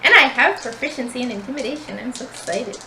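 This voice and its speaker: A woman's voice: on the high side, expressive, fast talker, a crowd in the background. A woman playing a tabletop game, eager and playful. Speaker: player. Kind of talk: casual tabletop play. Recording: roomy echo, faint hiss.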